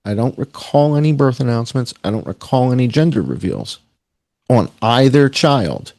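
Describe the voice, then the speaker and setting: A man's voice: mid-range voice, lively intonation, moderate pace, darkish tone, no room sound, clean studio sound. A man talking in a sarcastic, rambling way on a podcast, with mocking asides. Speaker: podcast guest. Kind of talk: casual conspiratorial chat.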